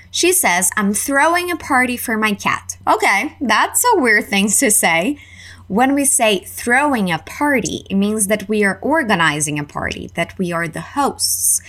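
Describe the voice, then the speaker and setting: Canadian woman, English teacher, unhurried delivery, very animated pitch, drills phrases for learners. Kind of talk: slow, clear language lesson.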